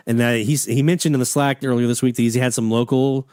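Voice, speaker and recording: A man's voice: mid-range voice, steady tone, fast talker, darkish tone, smooth, no echo, studio quality. A man hosting a live radio hobby stream, chatting enthusiastically and reading out listener messages in a folksy way. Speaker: radio hobby show host. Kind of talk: live-stream casual chat.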